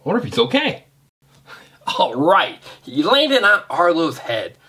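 Animated man reviewing toys for kids. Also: a little high, measured pace. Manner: animated, chatty, asks the viewer questions. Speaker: toy reviewer. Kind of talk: kids' toy review narration.

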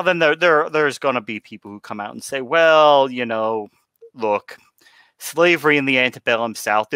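Guy ranting casually on a podcast, bright forceful voice, dry close mic. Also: medium pitch, dry recording. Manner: conversational, opinionated, with fillers and restarts. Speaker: podcast co-host.

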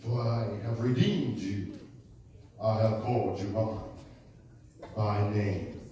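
A man voicing God in a church skit, speaking slowly and solemnly with reassurance. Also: lowish voice, steady tone, dark tone, a little hiss or hum. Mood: reassuring. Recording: echoey church hall, distant mic.

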